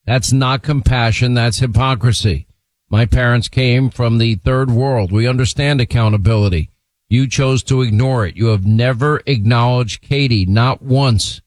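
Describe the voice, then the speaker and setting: A male talk radio host with a mid-pitched voice and a brisk, forceful delivery. He reads quotes aloud and moves quickly from point to point. The sound is dry and close, like a studio mic with no room echo.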